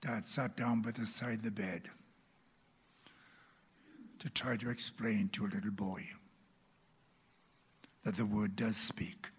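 A man's voice: lowish voice, steady tone, breathy edge. An elderly man preaching a sermon, telling a story from his boyhood and dropping to a whisper for emphasis. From Wales. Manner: slow, dramatic, drops to a whisper for emphasis. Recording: long hall reverb.

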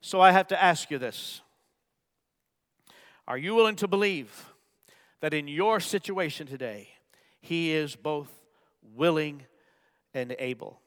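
A man preaching a sermon, swinging from loud, emphatic bursts to hushed, near-whispered lines. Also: on the high side, measured pace, long pauses, smooth, long reverb tail. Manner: acts out gasps for effect. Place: church.

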